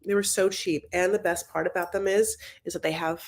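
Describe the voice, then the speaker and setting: A woman, hosting a casual live-stream recap, chatty and animated, calling viewers honey as she reads the chat. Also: fairly low pitch, brisk.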